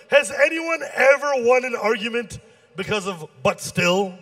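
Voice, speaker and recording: A fairly high-pitched man working a stand-up set as the show's emcee. He tells his stories with lots of energy, jumping into different voices to act out each conversation. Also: a little slow. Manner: animated storytelling, acting out dialogue with shifts in pitch.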